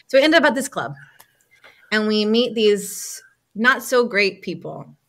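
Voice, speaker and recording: A woman's voice: mid-range voice, unhurried. Woman telling a story on a podcast. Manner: lively storyteller who acts out other people's lines, with frequent "like" fillers. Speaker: podcast guest, healing coach. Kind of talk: personal storytelling in a podcast interview.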